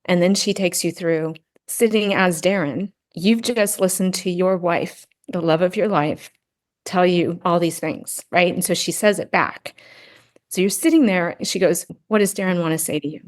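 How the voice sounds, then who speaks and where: A woman's voice: fairly low pitch, moderate pace. A middle-aged woman, a podcast guest, telling a personal story earnestly in casual conversation and often adding "right?" to check in. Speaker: podcast guest, grief and Gestalt practitioner.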